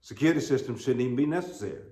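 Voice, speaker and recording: A man's voice: medium pitch, animated, very fast, warm tone. A middle-aged American man preaching a sermon as pastor, telling folksy, humorous stories with emphatic peaks. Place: church sanctuary. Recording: roomy church sound.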